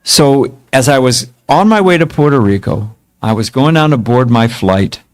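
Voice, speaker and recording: A man's voice: medium pitch, lively intonation, moderate pace. Older man telling a spiritual anecdote. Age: 70s. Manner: casual, self-mocking storytelling with fillers. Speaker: monk giving a talk.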